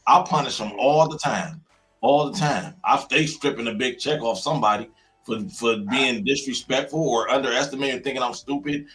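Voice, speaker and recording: A man's voice: mid-range voice, moderate pace, a bit bright. Blunt, emphatic man. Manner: blunt, emphatic, repeats himself for weight. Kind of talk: casual panel talk.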